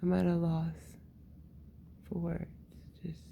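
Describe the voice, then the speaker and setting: A woman's voice: on the low side, monotone, takes it slowly, gravelly, narrow, tinny audio, a little hiss or hum. A woman and mother talking candidly in a casual personal monologue, swearing freely and laughing often.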